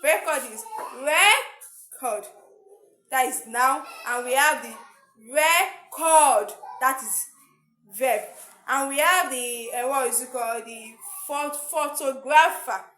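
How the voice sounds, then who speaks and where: Woman teacher, high voice, halting, repeats words, echoey room. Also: bright, forceful tone. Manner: halting, repeats herself while searching for words. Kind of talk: classroom lesson. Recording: echoey room with faint noise.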